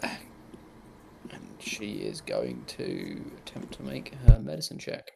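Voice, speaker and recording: A man's voice: rumbling low, huge pitch swings, takes it slowly, vocal fry, slightly rough. A man narrating as game master, rambling with lots of ums and likes.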